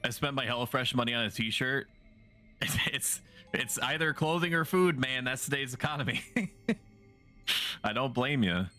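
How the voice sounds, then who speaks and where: A man's voice: mid-range voice, expressive, moderate pace, pushed and bright, faint music behind. A man livestreaming a video game, chatting casually with his viewers in a playful, rambling way and often poking fun at himself. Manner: playful, rambling, self-mocking jokes. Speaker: streamer. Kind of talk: casual gaming livestream chat.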